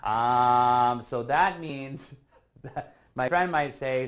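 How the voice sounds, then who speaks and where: A man teaching a casual online English lesson over a video call. He explains patiently and often checks in with a quick question at the end of a point. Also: medium pitch, animated.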